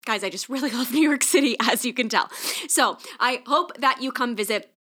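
A woman's voice: a little high, moderate pace, a bit bright. A middle-aged woman hosting a solo podcast, chatty and enthusiastic, getting emotional at times. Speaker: podcast host.

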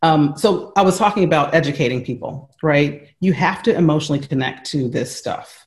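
Man with an American accent, slightly higher voice, earnest, explanatory, lots of fillers, remote call from home. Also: brisk. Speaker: interview guest.

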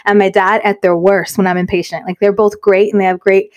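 A middle-aged woman co-hosting a podcast in casual chat, telling candid stories quickly and dropping in Spanish words. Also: mid-range voice, flat delivery. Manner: fast, candid storytelling that mixes in Spanish words. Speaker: podcast co-host.

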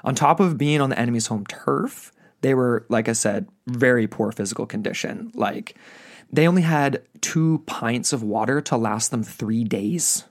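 A man's voice: medium pitch, moderate pace. A young adult man co-hosting a casual history podcast, laid-back and full of "like" and "you know", given to exclamations. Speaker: podcast co-host.

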